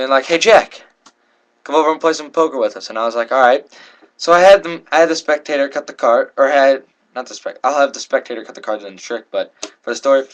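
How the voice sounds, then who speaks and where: A young card magician works through a trick while spinning a rambling story, frequently fixing his own words mid-sentence and doing voices for the people he quotes. His voice is fairly high and fairly bright.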